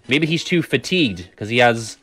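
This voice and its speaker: A male gaming streamer talking to his chat, quick to joke and curse. His pitch is in the middle of the range, but his delivery is lively and animated, bouncing up and down as he reacts. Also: husky, soft background music. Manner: joking, profane, talks to chat.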